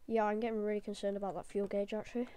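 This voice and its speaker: A woman giving chatty, jokey let's play commentary, easily excited. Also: medium pitch, very fast, clear, resonant tone. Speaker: gamer.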